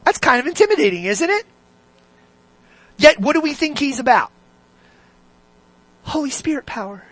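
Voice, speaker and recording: A preacher delivering an animated sermon, firing questions at the congregation and swinging between loud bursts and hushed asides. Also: high voice, moderate pace, long pauses, dry recording.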